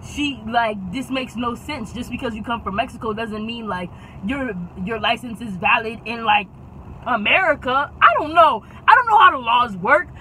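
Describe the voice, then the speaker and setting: A woman telling a storytime in a dramatic, slangy, profane way, firing off loud demands. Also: a little high, slight background noise, poor audio. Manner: dramatic, loud outbursts, rapid-fire demands. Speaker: storytime vlogger. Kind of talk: animated storytime chat.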